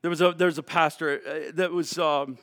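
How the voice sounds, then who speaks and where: A male pastor preaching an impassioned sermon. He repeats phrases and swings from loud declarations to hushed prayer. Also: on the high side, fairly even intonation, moderate pace. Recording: long church reverb.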